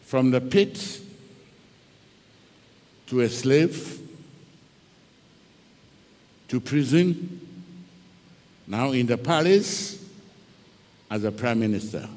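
Animated preacher in an echoing hall. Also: male voice, medium pitch, slow, long pauses. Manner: dramatic storytelling, switching between English and Twi. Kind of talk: sermon.

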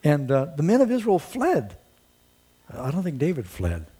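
A male preacher tells a story in a sermon, full of rhetorical questions and dramatic turns. His voice is warm and husky, sitting fairly high for a man. His pitch rises and falls in wide, lively swings. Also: normal speed.

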